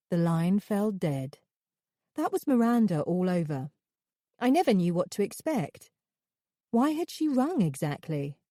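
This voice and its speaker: A woman narrating a suspense audiobook with a warm, mellow tone and a measured, steady delivery. The recording is close and dry, with no room sound. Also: mid-range voice, dry recording.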